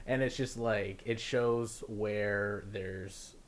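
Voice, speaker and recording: A young man tells a story in casual chat, laughing often and mimicking officials in a lower, quieter voice. His tone is steady and his pace extremely slow.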